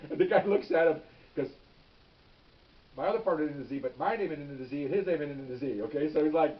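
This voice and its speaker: Older ex-cop telling a story from afar. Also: male voice, on the high side, fast. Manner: plain-spoken, repeats words, checks in with "okay?". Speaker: retired police officer. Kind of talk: casual spoken storytelling. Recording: distant, dull lo-fi recording.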